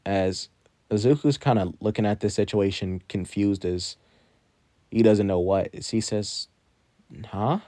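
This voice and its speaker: A man telling an improvised fan story, rambling along with loose fillers as he goes. His voice is on the low side and the recording is dry and close. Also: steady tone, measured pace, mellow, dry recording. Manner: rambling, fillers like kinda and you know.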